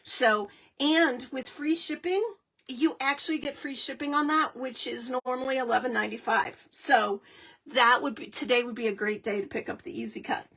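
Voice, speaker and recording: A chatty, excitable middle-aged woman hosting a live card-making stream, with lots of fillers. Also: high-pitched, moderate pace, vocal fry, slightly rough. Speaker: host of a live crafting show.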